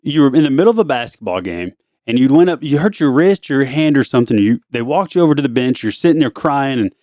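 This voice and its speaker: A middle-aged father hosting a family podcast, talking in a playful, teasing way. His pitch swings up and down a lot as he talks. The sound is dry and close. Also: no echo. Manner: teasing, playful, quotes people in a drawn-out deadpan. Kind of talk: casual family chat.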